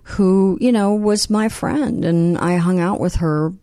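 Older woman guest, lowish voice, playful anecdotes, mock accents, dry close mic. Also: slow, dark tone, no room sound. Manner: storytelling, playful, drops into mock British accents. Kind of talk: casual podcast chat.

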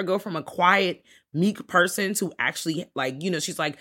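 A podcast co-host in casual, slangy chat, recapping a TV series and acting out characters with big swings in pitch. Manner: animated, swearing, acts out characters with big pitch jumps; slangy, fast casual talk.

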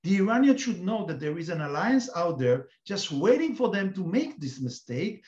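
The guest is a man with an Israeli accent, a counter-terrorism expert in an interview, relating an anecdote in long explanations peppered with hesitant fillers. His high-pitched, slightly mellow voice swings widely in pitch at a moderate pace, heard over echoey, dull remote audio.

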